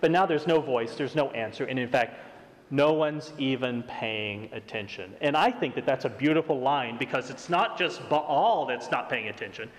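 A middle-aged man preaching a sermon, reading scripture and acting out the quotes in a lively, high voice. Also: moderate pace. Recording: long hall reverb.

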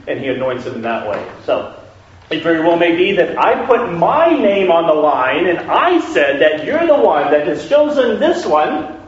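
A man's voice: mid-range voice, a little hiss or hum. A man teaching a conversational Bible study lesson. He asks his listeners questions and often checks that they are following. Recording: echoey room, distant dull mic.

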